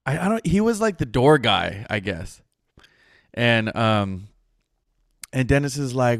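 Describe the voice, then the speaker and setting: Podcast co-host man, mid-pitched, casual storyteller who acts out quotes and swears; dry close mic. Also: sing-song, measured pace, pauses often, no room sound.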